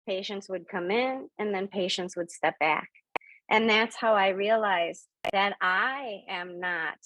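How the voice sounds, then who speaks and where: A woman spiritual medium hosting a members' video call, telling a story with lively acted-out dialogue and then teaching slowly and softly. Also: no room sound, low-quality recording. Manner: animated storyteller, voice jumps high and fast when acting out excited dialogue; slows down and speaks softly and deliberately when teaching.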